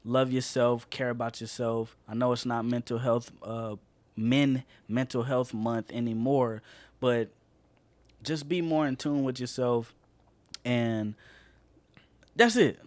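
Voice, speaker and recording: A man's voice: medium pitch, fairly even intonation, takes it slowly, pauses often, a little mellow, dry recording. A man co-hosting a casual podcast, ranting passionately and swearing a lot. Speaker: podcast co-host.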